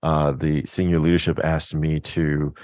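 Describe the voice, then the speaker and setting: A podcast host with a very low, deep male voice tells a story from his working life. He is thoughtful and self-deprecating, and the recording is dry with no room sound. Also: little pitch movement, measured pace, darkish tone, dry recording. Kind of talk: casual interview chat.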